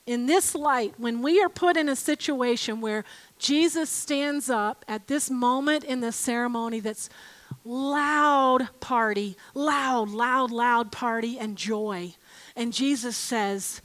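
High, bright-voiced woman teaching scripture. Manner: expressive, emphatic, pauses to read aloud. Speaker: Bible teacher. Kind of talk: informal sermon with reading aloud.

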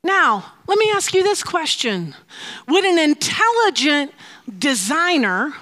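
A woman giving a sermon, talking in playful asides that mix with drawn-out, emphatic phrasing, and laughing often. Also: high voice, sharp tone. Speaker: speaker teaching a faith message.

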